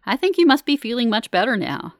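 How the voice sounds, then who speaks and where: A woman's voice: fairly high pitch, big pitch swings, a little fast, no room sound, studio quality, voice pushed up. Woman doing a chirpy young nurse tech. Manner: relentlessly cheerful, sing-song. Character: chirpy young female hospital technician.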